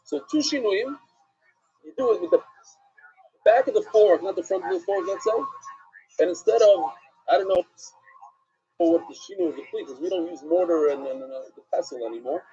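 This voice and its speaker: Man, rabbi teaching Talmud, high voice, very raspy, dull lo-fi stream audio. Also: brisk, long pauses. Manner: animated, asks and answers his own questions. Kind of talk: live-streamed Talmud class.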